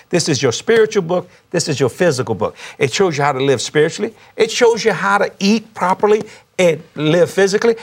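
Man, pastor, lively storytelling, husky voice, leaps up high for emphasis. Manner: animated preacher storytelling, laughing, rising to high emphatic pitch. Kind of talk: storytelling testimony on a talk show.

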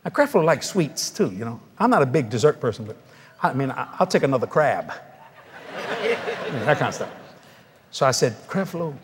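A man with a mid-range voice delivers a storytelling sermon a little fast, pausing often, laughing, and doing animated impressions of others. The big-room sound carries some background noise.

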